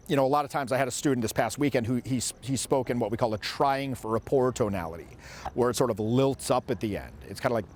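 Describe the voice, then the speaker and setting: A man's voice: medium pitch, brisk, a little hiss or hum. A man in his forties, a social skills coach, giving an emphatic instructional monologue and demonstrating vocal tones as he speaks.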